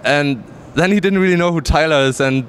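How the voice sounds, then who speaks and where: A man's voice: a little high, fairly quick, a bit bright, slight background noise. A young man with a German accent, a pro gamer answering interview questions casually with many fillers and easy laughter at an event. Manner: candid, laughs easily, hesitant fillers. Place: busy gaming event venue.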